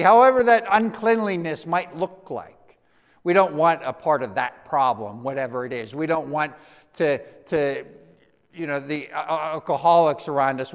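A male pastor preaches in an easy, conversational way, stumbling and repeating words as he goes. His voice sits a little high, and he sinks into a quiet, slow hush to stress a point. A long hall reverb trails his words. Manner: conversational, with frequent restarts and stammered repeats; drops to a soft, slow hush for emphasis. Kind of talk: sermon.

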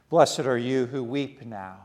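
A man preaching a sermon in earnest, short repeated phrases with pauses. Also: medium pitch, in a large hall. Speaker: pastor.

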